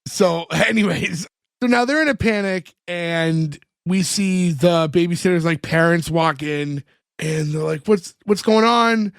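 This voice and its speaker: Podcast co-host, male, high gravelly voice, dry close sound, retells scenes with quoted lines. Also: steady tone, a little slow, no room sound. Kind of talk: casual chat, recapping an episode.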